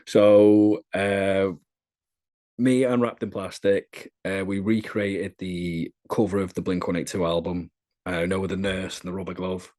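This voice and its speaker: A man's voice: deep voice, little pitch movement, measured pace, warm tone. A young British man telling candid, crude anecdotes in a casual podcast interview. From Britain. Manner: candid, chatty storytelling with crude humour. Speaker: adult content creator being interviewed.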